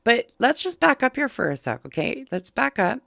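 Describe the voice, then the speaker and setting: Gravelly earnest dog-training commentator. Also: medium pitch, very animated, moderate pace, bright, forceful tone, dry recording, studio quality. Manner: earnest, pleading, repeats key points; frequent restarts and verbal fillers. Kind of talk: reaction commentary on a video clip.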